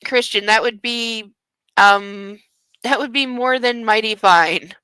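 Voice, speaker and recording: A woman reading the lines of a shy, giddy young bride, soft and hesitant. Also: on the high side, moderate pace, no room sound, low-quality recording. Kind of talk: reading a novel aloud.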